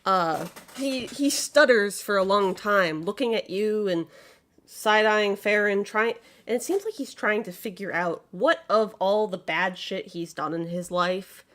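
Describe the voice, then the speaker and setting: A woman narrating as game master of a tabletop game, in casual, animated speech. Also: medium pitch, measured pace.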